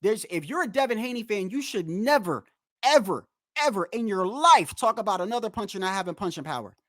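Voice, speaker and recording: A livestream host bluntly answers viewers in chat during a casual rant, cursing heavily. His high-pitched voice is expressive, pushed and bright, fairly quick, with no echo and studio quality.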